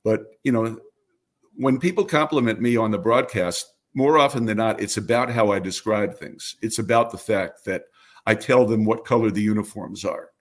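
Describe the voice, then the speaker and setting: An older man, a baseball radio announcer, calmly explaining his craft in an interview with a lot of "you know". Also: lowish voice, normal speed. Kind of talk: relaxed interview answers.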